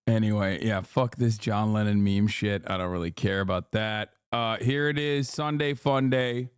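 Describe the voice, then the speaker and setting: A man hosting a live stream, talking in brash, profane, casual commentary with quick asides into a close mic. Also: on the low side, clean tone, no room sound. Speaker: livestream host.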